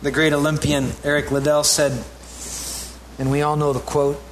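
A pastor preaches in a somewhat raised, animated voice of fairly high pitch at normal speed. He climbs to emphatic peaks, then drops into easy conversational asides with his congregation. A faint room ambience and slight background noise sit behind him.

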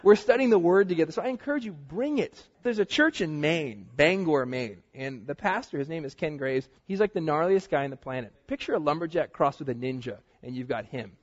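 A young man preaches in a loose, chatty way, acting out stories and what people say with lively energy. His voice sits a little high and husky. The recording is dull and muffled, with a long hall reverb trailing behind. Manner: animated storytelling, acts out quotes. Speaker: pastor teaching a Bible study. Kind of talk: casual sermon.

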